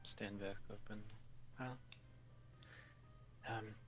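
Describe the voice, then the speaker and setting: A man speaks in character during a tabletop role-play, soft and hesitant, filling gaps with pauses. His voice sits low and flat, with a bright edge, and he talks slowly. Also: a little hiss or hum. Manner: soft, hesitant, full of ums. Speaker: player.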